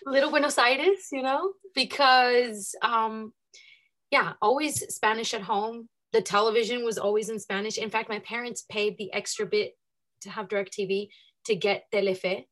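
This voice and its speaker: An American woman with a fairly high voice, chatting as a podcast guest. She tells her stories with lively fillers and a relaxed, talkative flow. She sounds like she grew up in California. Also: measured pace. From California, USA. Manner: chatty, animated retelling with laughs and fillers. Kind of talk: casual storytelling interview.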